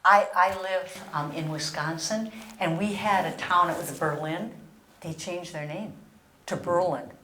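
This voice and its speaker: An older religious sister giving an earnest historical presentation, telling stories and reading out letters. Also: female voice, fairly low pitch, unhurried, sharp tone, roomy sound, a little hiss or hum. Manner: earnest storytelling with read-out quotes.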